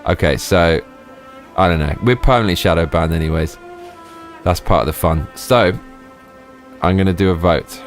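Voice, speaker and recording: Low-voiced male streamer, profane, excitable, laughs a lot, faint music behind. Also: normal speed, pauses often. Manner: profane, exclamatory, laughs often. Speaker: live streamer. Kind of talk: casual gameplay live-stream commentary.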